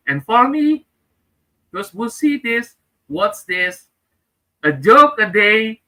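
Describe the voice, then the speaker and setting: Brief: male comedian, high bright voice, deliberate pace, animated self-mocking stories. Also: poor audio. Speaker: comedian guest. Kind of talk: comic storytelling.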